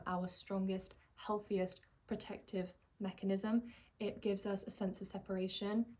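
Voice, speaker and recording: A woman, a life coach speaking in a calm, thoughtful monologue that slows and softens for emphasis. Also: mid-range voice.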